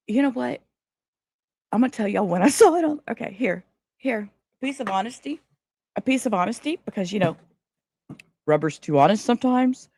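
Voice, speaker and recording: Woman streamer, scattered chatty delivery, very up-and-down pitch, dry close sound. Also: no room sound. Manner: rambling, scattered, swears casually. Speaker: livestream host. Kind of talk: casual livestream chat.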